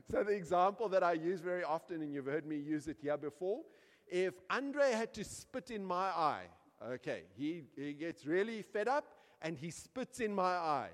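A man's voice: high-pitched, a little slow. A man preaching a sermon as a pastor, telling stories with acted-out quotes and building emphasis. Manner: animated storytelling with acted quotes and rising emphasis. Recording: long hall reverb.

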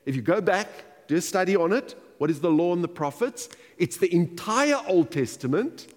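A man preaching a sermon as pastor, animated and emphatic, repeating key phrases for weight. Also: sits high, moderate pace, big-room sound.

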